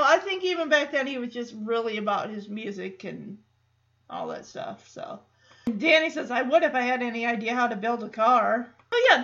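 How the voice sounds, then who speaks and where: High-pitched woman host, casual chatty recap, rambling with fillers, slightly dull audio. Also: fairly bright tone. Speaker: podcast host.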